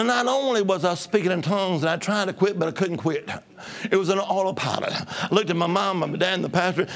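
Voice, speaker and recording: A man from Alabama preaching his testimony as an evangelist, exuberant, shouting and breaking into tongues. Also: high-pitched. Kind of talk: testimony sermon.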